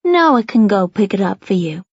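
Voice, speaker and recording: A woman voicing a calm, soothing grandmother with a Southern US drawl, speaking slowly. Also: medium pitch, breathy edge, dry recording, dull audio.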